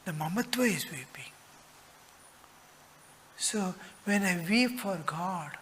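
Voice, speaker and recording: A man giving a spiritual discourse as a monk teacher, earnest and slow, at times dropping into a whisper. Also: high-pitched, animated, a bit bright, a little hiss or hum. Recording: long hall reverb.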